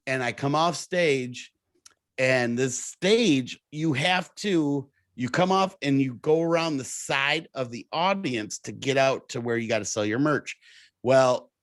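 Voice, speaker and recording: A man telling a story in casual chat, animated and laughing as he acts out the people in it. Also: mid-range voice, a little slow, no room sound. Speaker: comedian guest.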